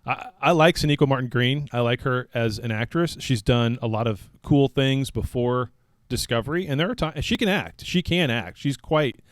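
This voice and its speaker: A man's voice: medium pitch, moderate pace, no room sound, studio quality. A man co-hosting a podcast in casual chat, laughing often and teasing his co-hosts. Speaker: podcast co-host.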